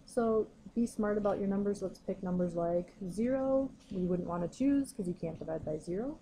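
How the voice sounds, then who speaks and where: A woman's voice: mid-range voice, moderate pace, mellow, slight background noise, poor audio. A woman teaching a recorded math lesson, explaining patiently step by step.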